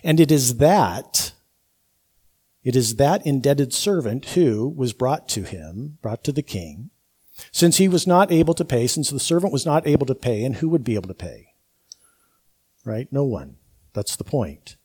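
A man delivers a sermon with a husky, mellow voice. He leans on key words and repeats them for emphasis, building each point step by step. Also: mid-range voice, very animated, unhurried. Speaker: preacher.

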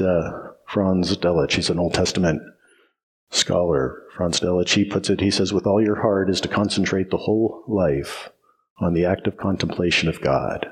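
A man's voice: low voice, steady tone, moderate pace. A man preaching a sermon as pastor, emphatic and repetitive, often asking "right?" and restarting phrases.

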